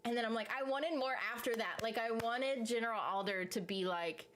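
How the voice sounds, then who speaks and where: A woman's voice: on the high side, brisk, a bit bright, a little hiss or hum. A woman casually chatting on a live stream, reading viewer comments aloud and rambling through her reactions with frequent laughs. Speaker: YouTube streamer reading chat. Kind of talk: casual live-stream chat about a TV series.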